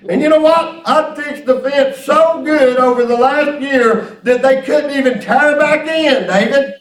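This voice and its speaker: A man preaching a storytelling sermon, animated and exclamatory, often breaking into laughter. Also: very high-pitched, measured pace. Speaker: pastor. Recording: roomy hall, mic at a distance.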